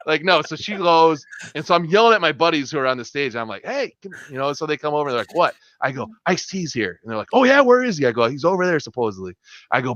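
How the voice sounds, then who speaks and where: Animated man telling a story. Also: mid-range voice, no room sound, muffled recording. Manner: animated storyteller, laughs often, acts out dialogue. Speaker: podcast co-host. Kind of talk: casual chat, storytelling.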